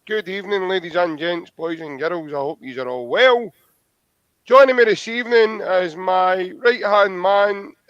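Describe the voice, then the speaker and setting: Scottish male podcast host, chatty and friendly, higher pitch, flat lo-fi sound. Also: unhurried, clear, resonant tone, dry recording. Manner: chatty, friendly, laughs easily. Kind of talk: casual football podcast chat. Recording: dull lo-fi dry audio.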